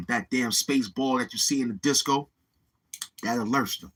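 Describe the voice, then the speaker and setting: Man, livestreamer, casual rambling talk, swears, addresses viewers, husky voice. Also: medium pitch, slow pace, pauses often, bright, forceful tone, poor audio. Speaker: YouTube livestreamer.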